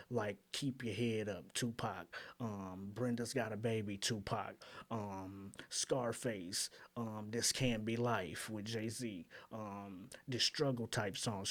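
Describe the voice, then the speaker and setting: A man with a somewhat low voice hosts his own lyric breakdown show. He talks in loose, animated casual commentary. He argues bluntly, drops slang and fills his pauses with "um". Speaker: channel host breaking down rap lyrics.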